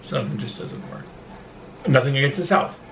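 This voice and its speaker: A man in his thirties chatting casually as a vlog co-host, telling stories with animated, mock-indignant emphasis. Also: medium pitch, moderate pace, reverberant, slight background noise. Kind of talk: casual chat.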